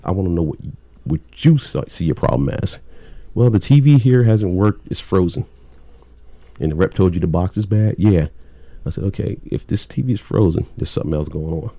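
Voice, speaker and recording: A man's voice: low-pitched, fast talker, creaky, mellow, breathy edge, dry recording. A middle-aged man, a cable technician, telling work stories in a blunt, laid-back way with plenty of swearing. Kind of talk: casual storytelling chat.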